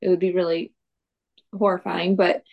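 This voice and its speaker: A woman's voice: on the low side, little pitch movement, moderate pace, gravelly, highs cut off. A woman podcast co-host reacting to a story with gasps, questions and musings. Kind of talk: casual chat.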